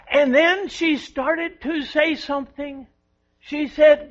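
A man giving a children's sermon, telling a story gently to the children. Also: extremely high pitch, takes it slowly. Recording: dull lo-fi recording.

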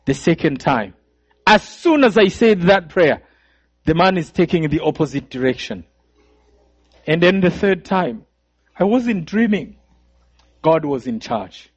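A man's voice: on the high side, very animated, unhurried, long pauses, breathy edge. A man preaching a sermon testimony, telling his story with emotion and repeated phrases. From Rwanda. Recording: dull, dry sound.

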